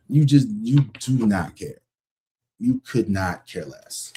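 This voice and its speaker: A man with a husky, slightly low voice gives a casual tarot reading straight to his listener. His tone is warm and mellow, conversational and blunt, and he swears freely. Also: expressive, slow, pauses often. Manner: conversational, acts out other people's voices. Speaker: tarot reader.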